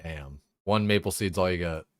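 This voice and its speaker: A man's voice: sits low, moderate pace. A young man chatting casually and profanely on a game stream, laughing often. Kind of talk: casual live-stream chat.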